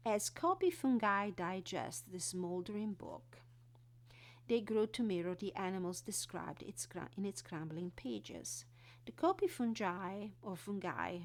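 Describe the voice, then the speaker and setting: Woman with a lowish voice doing a slow oracle card walkthrough, reads then chats it over. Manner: unhurried, reads card text then explains with fillers.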